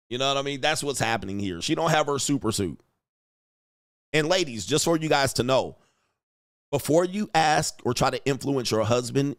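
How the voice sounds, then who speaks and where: A man hosts a livestream, full of crude, slangy banter and frequent laughter. His voice sits in a middle pitch and is recorded close and dry, with no room sound around it. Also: no room sound. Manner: brash, slangy, laughing, acts out mocking voices. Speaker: livestream host. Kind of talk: crude casual livestream commentary.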